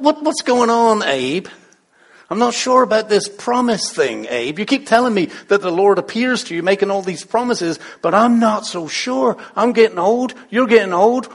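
A man's voice: high voice, exaggerated voice. A man voicing Sarah, a doubting, nagging aging wife who questions her husband. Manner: exasperated, teasing questions.

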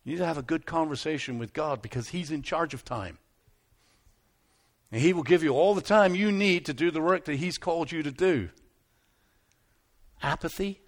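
A man preaching a sermon in an animated, conversational way, repeating words as he builds up and slipping into little acted asides. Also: on the high side, normal speed, pauses often. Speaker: pastor.

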